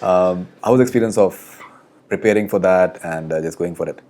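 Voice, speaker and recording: Low-voiced male interviewer. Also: fairly quick, darkish tone. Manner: short prompts and questions, with fillers like um and uh. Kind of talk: interview questions.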